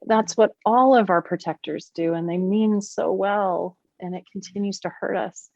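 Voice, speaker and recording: A woman's voice: medium pitch, normal speed, creaky, a little mellow, dry recording, muffled recording. A woman guest on a podcast, explaining her ideas earnestly, with occasional laughs. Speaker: podcast guest, therapist and teacher. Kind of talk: podcast conversation.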